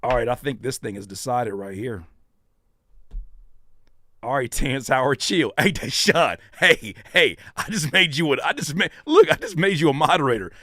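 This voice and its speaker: A man with a hoarse voice, hosting a live stream where he reacts to submitted music in a loose, playful, slangy way. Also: medium pitch, sing-song, normal speed, sharp tone, no room sound, clean studio sound. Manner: loose, playful, slangy, breaks into sung bits. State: hoarse, voice worn by allergies.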